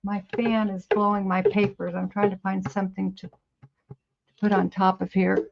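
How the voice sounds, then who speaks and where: A woman's voice: medium pitch, little pitch movement, normal speed, creaky, a little hiss or hum. A woman over fifty hosting a casual livestream from her home studio, chatting to viewers in a rambling, easily amused way. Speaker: livestream host. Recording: slightly dull lo-fi livestream audio.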